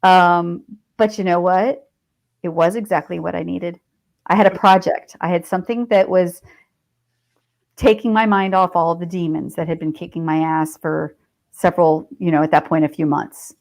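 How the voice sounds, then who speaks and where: A woman's voice: fairly low pitch, fairly even intonation, normal speed, gravelly, darkish tone, rough recording. Chatty middle-aged woman telling stories. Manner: chatty and digressive, with frequent fillers and laughs. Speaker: podcast guest, veteran and author. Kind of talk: casual conversational storytelling.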